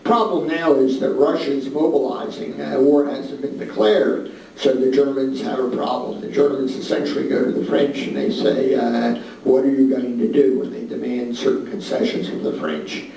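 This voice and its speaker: A man with a dark, gravelly voice lectures on history in a loose, conversational way, filling his pauses with "uh". He is recorded from a distance in a very echoey room, with faint noise underneath. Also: mid-range voice. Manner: conversational, many "uh" fillers, points at a map. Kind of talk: classroom lecture.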